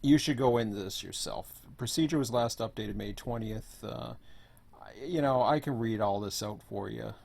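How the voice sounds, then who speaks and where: A hoarse man who is losing his voice gives a rambling, offhand walkthrough as host of an online server. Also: on the low side, moderate pace, darkish tone. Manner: rambling, offhand, says "blah, blah, blah". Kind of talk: casual screen walkthrough.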